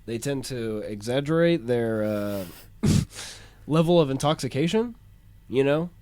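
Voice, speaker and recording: Male podcast guest, Midwestern American accent, hesitant, lively pitch, dry sound. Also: unhurried, no room sound. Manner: laughing often, hesitant fillers, swearing. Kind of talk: casual chat.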